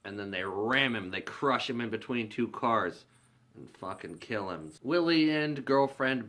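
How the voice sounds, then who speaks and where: A man's voice: mid-range voice, fairly bright tone. A young man casually recapping a film plot in a rambling, profane way, full of "like". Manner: rambling, profane, heavy use of "like". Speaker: movie reviewer.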